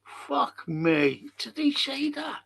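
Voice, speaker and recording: A man's voice: very high voice, sing-song, slow pace, gravelly, fairly bright tone. A man hosting a live football watch-along stream, reading out chat messages and ranting bluntly with heavy swearing.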